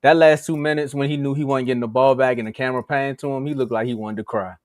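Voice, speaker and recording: A man co-hosting a sports podcast, joking animatedly, laughing between lines and rattling off shout-outs to listeners. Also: mid-range voice, steady tone, fast talker, no echo, clean studio sound. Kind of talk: casual sports banter.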